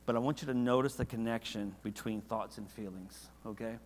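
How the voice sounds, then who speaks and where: A man's voice: on the low side, fairly quick, big-room sound, slight background noise. A man leading a church Bible study in a casual, conversational way, often asking the class questions. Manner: conversational, asks the class questions, animated when reading verses.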